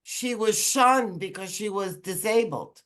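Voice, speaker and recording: An audience member sharing measured, reflective thoughts in a casual book discussion, repeating words for emphasis. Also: medium pitch, a bit bright.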